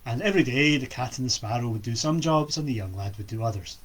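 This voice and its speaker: Brief: playful children's storyteller, swoops all over in pitch, throws in sound effects. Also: expressive, quick pace.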